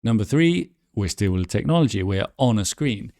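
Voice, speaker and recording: A low, gravelly male voice walks learners through exam answers in a chatty way, thinking aloud and correcting himself. The sound is dry and close. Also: lively intonation, moderate pace, a little mellow, no room sound. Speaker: English exam teacher.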